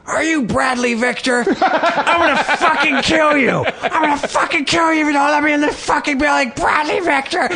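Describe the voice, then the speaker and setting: A man's voice: on the low side, sing-song, very noisy, voice pushed down, exaggerated voice. A man voicing a raving unhoused man who mumbles, hesitates and then screams threats from the street. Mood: screaming. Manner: halting mumble with many uhs, later shrieking.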